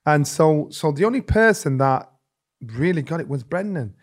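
A middle-aged man, a former boxer telling stories as a podcast guest, lively and swearing freely as he acts out what others said. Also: fairly high pitch, moderate pace. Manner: animated, acts out quoted speech, swears freely. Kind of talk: conversational storytelling.

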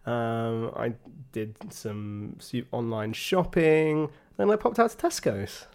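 A man's voice: medium pitch, takes it slowly, a little mellow. A young man co-hosting a casual podcast chat, telling an everyday story in a dry, understated way. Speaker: podcast co-host.

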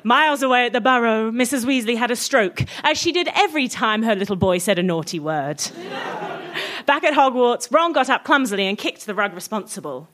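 A woman with a high voice reads a comic fan fiction aloud. She is cheeky and laughs her way through the lines. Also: expressive, fairly quick, a bit bright.

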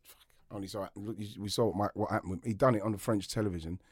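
A man's voice: lowish voice, fairly even intonation, racing, breathy edge, dry recording. Rambling storyteller, a man, dry close sound. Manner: rambling, with frequent restarts and laughter. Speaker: podcast co-host, former footballer. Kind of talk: storytelling in casual chat.

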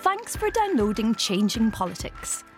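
A woman's voice: on the high side, big pitch swings, measured pace, loud music behind the voice. A woman comedian hosting a political podcast, delivering a scripted comic monologue with wry, sarcastic humor.

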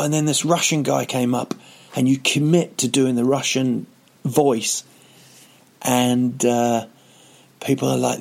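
A man's voice: medium pitch, normal speed, vocal fry, a little mellow. A man, a comedian hosting a podcast, telling a rambling comic story with self-mocking jokey asides. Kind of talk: casual comedic monologue.

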